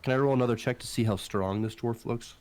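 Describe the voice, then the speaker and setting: A man's voice: medium pitch, fast talker. A man playing a tabletop game, speaking casually and laughing often. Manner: giggly, lively, often laughing. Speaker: player.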